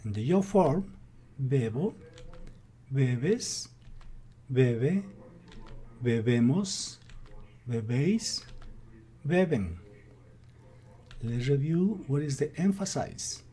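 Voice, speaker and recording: Slow, mellow-voiced Spanish teacher man. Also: mid-range voice, animated. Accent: Ecuadorian Spanish. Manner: slow, deliberate, drills word lists aloud. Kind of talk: scripted grammar lesson.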